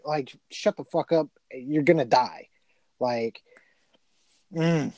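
A man's voice: a little high, takes it slowly, a little mellow, no echo. A man retelling a movie in a casual chat, rambling and profane, with lots of filler words.

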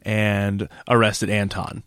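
A man's voice: on the low side, level tone, slow, fairly bright tone, smooth, no room sound, studio quality. Laughing man recapping an episode. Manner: rambling, laughs often, restarts. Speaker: podcast co-host. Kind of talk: casual podcast recap chat.

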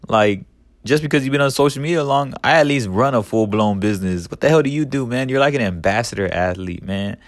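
In a dry recording, a podcast host talks fast with few pauses in a mid-range voice. His monologue is casual and meandering, profane, packed with "like" and "man," and punctuated by heated ranting bursts.

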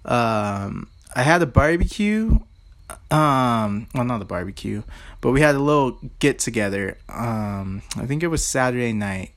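A man talks to his viewers in loose, rambling storytelling. He fills his sentences with "like" and "you know" and keeps a plain, medium-pitched voice. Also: animated, measured pace. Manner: rambling, heavy on "like" and fillers. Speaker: vlogger. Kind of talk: casual storytelling.

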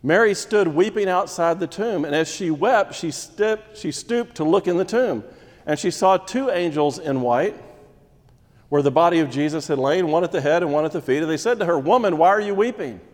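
A man preaching a sermon, expounding scripture and dropping to hushed emphasis at key points. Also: on the high side, normal speed, long reverb tail. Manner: expository preaching, voices Mary's distress, drops to hushed emphasis.

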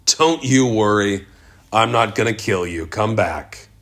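Man doing a calm, menacing barkeep. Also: fairly low pitch, unhurried, creaky, heavily acted. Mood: gleeful. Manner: matter-of-fact, methodical. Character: sinister male barkeep, calm and methodical killer.

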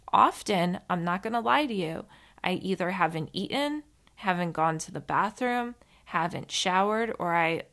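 A woman's voice: mid-range voice, fairly bright tone. A woman giving a casual self-help monologue, candid and chatty, swearing now and then and drifting into side stories while she talks straight to the listener. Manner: speaks to the listener directly with frequent "right?" and "like".

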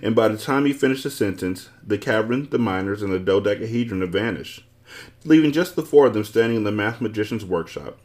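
Male storybook narrator, low voice, animated reading. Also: fairly quick. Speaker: podcast host reading aloud.

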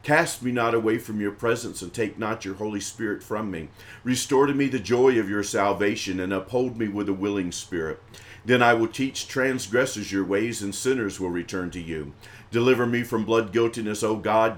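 A man's voice: lowish voice, normal speed. A man from the American South with a Southern accent, leading liturgical prayers for a live stream in a chanting, intoning voice. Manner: intoning prayers in a raised chanting voice, chatty and laughing between.

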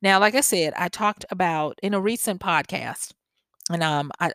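A woman's voice: lowish voice, moderate pace, no echo. Chatty Southern woman podcaster, dry sound. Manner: animated storytelling, chatty asides with laughs. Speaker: podcast host. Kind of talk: reflective solo podcast talk.

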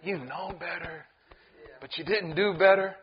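A man preaching a sermon as pastor, animated and acting out the people in his story. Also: high-pitched, a little slow, breathy edge, dull audio. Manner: animated, acts out voices in the story.

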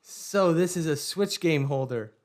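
A man's voice: fairly high pitch, expressive, measured pace. A man co-hosting a casual podcast, upbeat and joking as he shows off a project. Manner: upbeat, joking, showing off a 3D print. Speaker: podcast co-host.

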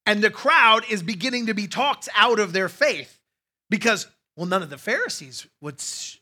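A man's voice: high-pitched, pushed and bright. A male pastor preaching a sermon in a conversational way, with asides to his congregation.

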